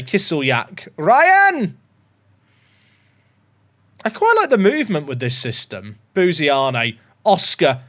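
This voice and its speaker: A young man chatting through a football management game, joking and bursting into excited shouts. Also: on the high side. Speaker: gaming YouTuber.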